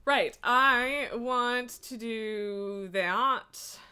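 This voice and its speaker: A woman's voice: fairly high pitch, extremely slow, sharp tone, clear, resonant tone. A woman streamer chatting casually to her viewers, rambling through tangents with frequent laughs, fillers and swearing. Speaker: livestreamer. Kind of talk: casual live-stream chat.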